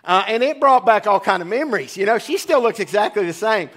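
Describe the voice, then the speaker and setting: A man's voice: high-pitched, lively intonation, brisk, fairly bright tone. A pastor in his forties giving a casual, joking sermon in church. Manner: chatty, joking asides. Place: church sanctuary.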